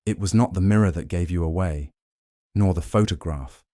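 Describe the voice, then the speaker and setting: A man voicing a shrewd, theatrical male detective, delivering measured, dramatic accusations sprinkled with French phrases in an audiobook reading. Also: deep voice, warm tone, no room sound, studio quality, lightly acted. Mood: triumphant.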